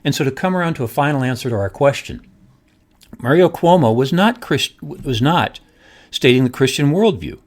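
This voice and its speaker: Middle-aged male host, animated delivery, emphatic with rhetorical questions. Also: mid-range voice, normal speed. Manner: emphatic, repeats points, asks rhetorical questions. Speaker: podcast host, economist. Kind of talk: solo podcast monologue.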